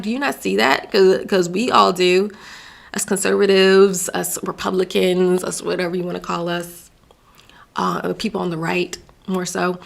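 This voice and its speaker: A woman's voice: medium pitch, gravelly, a bit bright. A woman from Virginia hosting her own show, giving an emphatic opinion monologue and often stumbling over words and restarting. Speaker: show host.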